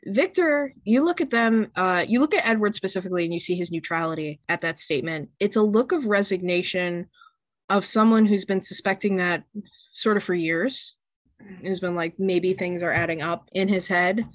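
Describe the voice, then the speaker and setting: A woman game master narrating a tabletop game in a relaxed, descriptive, chatty way. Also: fairly low pitch, normal speed, no room sound.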